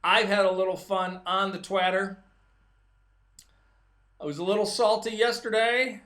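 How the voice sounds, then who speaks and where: High, bright-voiced sarcastic male commentator. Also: steady tone, measured pace, pauses often. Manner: sarcastic, mocking irony. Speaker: political commentary host. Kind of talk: opinionated solo commentary.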